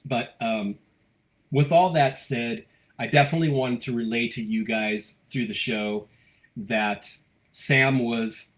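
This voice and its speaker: Slow and medium-pitched, a man runs a live local news stream, talking informally while reading out what viewers comment. He fills his speech with fillers and frequent restarts.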